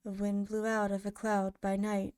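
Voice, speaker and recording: A woman narrating poems in a soft, hushed ASMR reading style, drawing out each line slowly. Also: medium pitch, monotone, clean tone, no room sound, clean studio sound. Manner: slow, hushed, drawn-out delivery.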